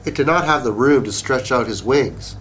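A man reading a children's story aloud in a slow, expressive way. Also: mid-range voice, a little hiss or hum.

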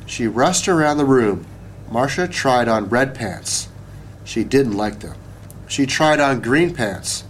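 A man reading a children's picture book aloud, page by page, in an expressive, measured storytelling voice. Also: mid-range voice, a little hiss or hum.

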